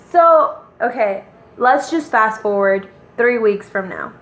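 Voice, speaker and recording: A young woman casually telling a story to her viewers, animated and slangy, calling them "girl". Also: fairly high pitch, normal speed. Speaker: vlogger. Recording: roomy echo.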